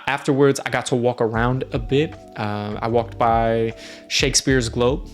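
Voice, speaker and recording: A man from the United States chatting casually, telling travel stories in a friendly, rambling way with plenty of fillers. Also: mid-range voice. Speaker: streamer host. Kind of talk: casual storytelling. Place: indoors, lives in Norway.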